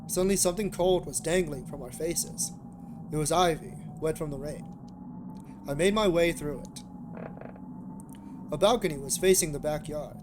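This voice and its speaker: A man streaming a visual novel, reading it aloud with rambling, hesitant asides and restarts. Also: a little high. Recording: steady background noise.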